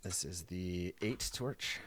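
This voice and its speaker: Male game master, lowish pitch, bright tone, narrates and rules casually. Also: slow pace. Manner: explains rulings and actions conversationally. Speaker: dungeon master.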